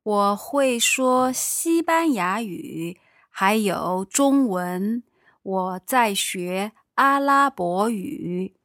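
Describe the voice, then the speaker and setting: A woman playing a friendly female conference visitor in a calm practice dialogue. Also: medium pitch, extremely slow, dry recording, studio quality, full character voice.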